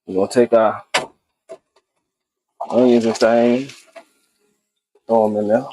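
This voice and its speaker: A man's voice: mid-range voice, fairly even intonation, takes it slowly, background noise. A man hosting a casual cooking video, talking to viewers as he cooks and often repeating his phrases.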